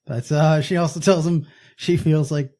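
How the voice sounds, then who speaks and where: A man's voice: a little high, fairly even intonation, normal speed, mellow. Man casually recapping a movie. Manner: recaps plot with wry jokes. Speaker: podcast co-host.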